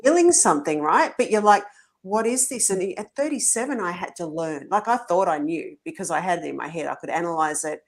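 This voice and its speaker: A woman's voice: on the low side, lively intonation, brisk, hardly any pauses. A woman podcast host speaks earnestly and searchingly, with many fillers, in a casual interview chat.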